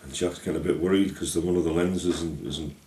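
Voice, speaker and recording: A man narrating a folk tale in a lively, homely way, his voice very deep and dark. He sounds a little distant from the mic, in a room with a clear echo. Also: fast talker. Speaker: storyteller. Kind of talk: storytelling narration.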